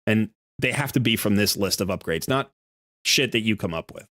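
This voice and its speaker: A man's voice: on the low side, expressive, moderate pace, fairly bright tone, dry recording, clean studio sound. A male game streamer in a live stream, making an argumentative case with worked examples.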